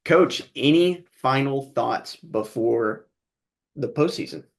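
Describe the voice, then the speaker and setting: A man's voice: medium pitch, expressive, slow pace, creaky. An American play-by-play announcer with a Midwestern accent and a mid-range voice. He hosts a local radio interview with an upbeat, promotional manner. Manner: upbeat, promo-style sign-offs. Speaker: play-by-play announcer and show host.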